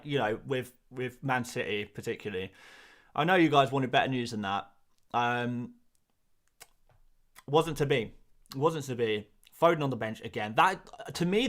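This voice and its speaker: A man with an English accent hosts a live stream from a small, cupboard-like room, answering viewers in a rambling, self-deprecating way and often repeating words. His voice is mid-range with a fairly bright tone.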